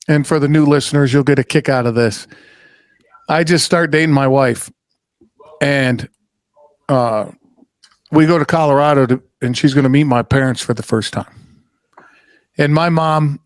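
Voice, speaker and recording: A middle-aged man hosting a podcast, telling a story in casual chat, animated and swearing freely. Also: mid-range voice, no room sound. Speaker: podcast host.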